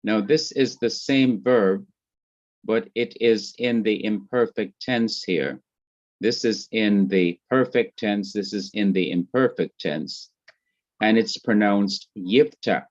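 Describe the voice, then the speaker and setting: A man with a Jamaican accent teaching Hebrew grammar in a classroom lecture, speaking slowly and deliberately and repeating his points. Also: fairly low pitch. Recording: muffled lo-fi classroom recording.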